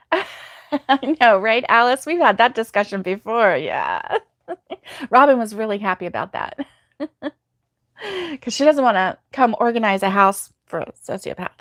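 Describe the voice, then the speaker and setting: A woman's voice: fairly high pitch, sing-song, unhurried, long pauses, fairly bright tone, no echo, studio quality. A sleepy woman hosting a casual live stream, chatting to viewers by name with many ums and laughs. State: sleepy, yawning. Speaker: crochet channel host reading live chat.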